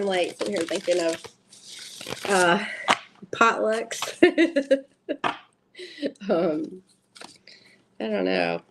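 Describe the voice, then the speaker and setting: In a low voice over a very noisy recording, a Southern US woman with a matching accent hosts a relaxed tarot livestream. She chats freely with her viewers, answers them, and laughs a lot.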